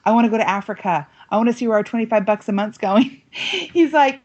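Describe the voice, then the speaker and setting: Woman, American, middle-aged, guest, animated storytelling, dull lo-fi audio. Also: fast talker. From United States. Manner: lively, quotes voices with big pitch jumps.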